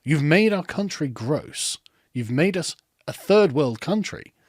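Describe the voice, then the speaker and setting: Brief: male commentator, high-pitched, sarcastic and profane, dry close sound. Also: expressive, unhurried, no echo. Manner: sarcastic, profane, mocking, breaks into laughter. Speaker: commentary host. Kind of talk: ranting reaction commentary.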